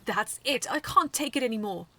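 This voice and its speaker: A woman voicing a hot-headed male robot who yells indignantly in a raised voice. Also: on the high side, lively intonation, moderate pace, pitched above the performer's own voice. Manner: yelling, indignant. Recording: distant mic with faint noise.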